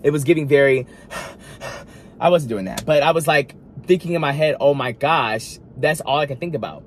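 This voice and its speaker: A man vlogging a storytime, talking straight to his viewers in an animated, dramatic way, full of asides and restarts. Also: fairly high pitch, moderate pace, slight background noise. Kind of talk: storytime monologue.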